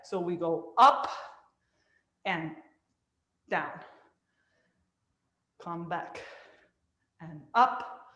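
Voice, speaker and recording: A woman teaching a dance class, cueing moves and counting out loud as she demonstrates. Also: medium pitch, animated, slow, pauses often, roomy sound. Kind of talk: live online dance class instruction.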